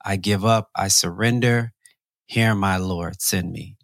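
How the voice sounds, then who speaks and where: A man's voice: low-pitched, unhurried, fairly bright tone, dry recording, studio quality. A man hosting a faith interview, asking earnest questions with preacher-like asides and some repeated starts. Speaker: host.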